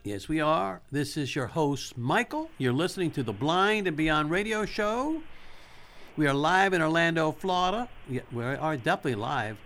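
Earnest, bright-voiced male radio host. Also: fairly high pitch, animated, normal speed. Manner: earnest, repeats himself for emphasis. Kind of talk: live radio talk show chat.

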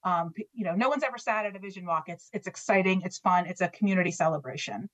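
A woman's voice: on the low side, fast talker, a bit bright, dry recording, low-quality recording. A woman guest on a radio show, speaking for a foundation in a friendly way with many fillers. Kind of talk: casual radio interview.

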